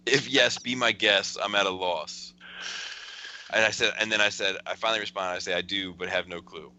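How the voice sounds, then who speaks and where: A man's voice: fairly low pitch, steady tone, normal speed, pauses often, sharp tone, slight background noise, low-quality recording. A man hosting a casual podcast, chuckling as he rambles through a friend's text messages. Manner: chuckling, rambling storyteller with restarts. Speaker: podcast host.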